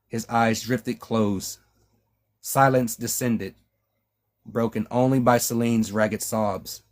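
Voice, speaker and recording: A man, the author, reading his own novel aloud in a measured way with frequent restarts, then chatting with his listeners. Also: lowish voice.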